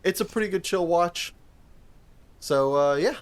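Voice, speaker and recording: With a voice that sits high and an unhurried pace, this man co-hosts a podcast and talks casually about a movie. His chat wanders, is loaded with profanity, and is full of restarts.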